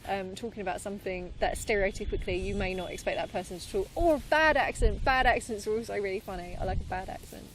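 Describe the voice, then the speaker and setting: A woman improviser talks casually as a podcast guest, laughing often and filling pauses with ums and likes. Her voice sits at an ordinary pitch. A faint hiss of background noise runs under the recording. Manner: lively, laughing, chatty with many fillers. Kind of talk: casual interview chat. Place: London.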